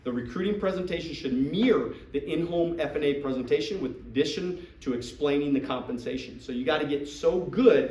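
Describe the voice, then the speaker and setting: A man delivers a motivational business training talk, emphatic and repetitive, acting out sales conversations. His warm voice is fairly high and fairly quick with few pauses, captured in an echoey room from a distant mic.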